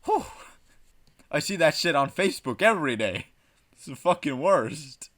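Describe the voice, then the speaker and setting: A man reads out a text adventure with gleeful energy, his voice swinging widely up and down. His tone is bright and sharp, and he sits a little high for a man. He curses freely and keeps cracking himself up. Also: measured pace, long pauses. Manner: animated, profane, breaks into laughter. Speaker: podcast host playing a text game. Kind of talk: comic reading of a text adventure.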